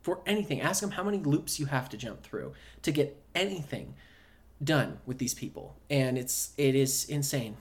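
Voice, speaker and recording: A man's voice: medium pitch, lively intonation, moderate pace. A man co-hosting a podcast in casual chat, blunt and swearing freely as he builds into rants. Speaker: podcast co-host.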